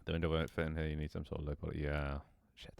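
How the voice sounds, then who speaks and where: A man with a very low, deep voice talks through a gameplay livestream, rambling, swearing offhandedly and answering his chat. The sound is close and dry, with no room around it. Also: monotone, very fast, creaky, clear, resonant tone, no echo. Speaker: streamer. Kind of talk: casual gameplay livestream commentary.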